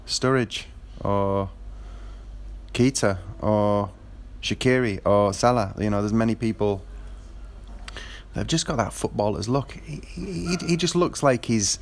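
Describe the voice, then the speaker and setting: A man's voice: fairly low pitch, unhurried. A man talking about his football team in a casual monologue, rambling with many fillers and restarts. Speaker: football fan.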